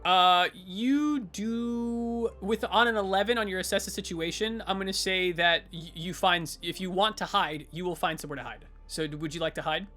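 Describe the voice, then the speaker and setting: A man's voice: high-pitched, normal speed, hardly any pauses, sharp tone, faint music behind. A man running a tabletop role-playing game as game master, narrating with lots of fillers and self-corrections.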